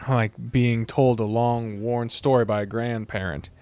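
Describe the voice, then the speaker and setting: A man's voice: medium pitch, fairly even intonation, unhurried, a little mellow, clear, resonant tone, dry recording. A man streaming a story game, reading its narration aloud in a playful manner. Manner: playful, laughs between lines.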